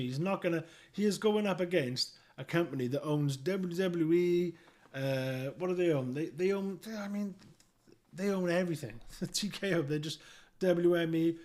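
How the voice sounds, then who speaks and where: A man's voice: fairly high pitch, darkish tone. A man reading out news and giving blunt, profane, scornful commentary.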